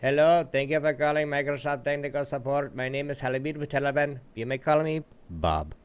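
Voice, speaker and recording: A man's voice: medium pitch, fairly quick, slight background noise, pitched above the performer's own voice, lightly acted. A man voicing an overly polite male call-center support agent who reads his phone script courteously. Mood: scripted politeness.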